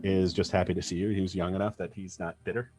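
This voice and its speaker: A man narrating as game master for a tabletop game, halting often with ums and uhs. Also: low voice, flat delivery, darkish tone, slightly rough. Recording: faint music behind.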